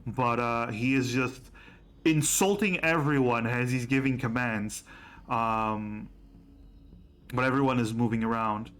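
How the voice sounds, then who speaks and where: Male game master; unhurried, halting narration with frequent fillers. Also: mid-range voice, fairly bright tone.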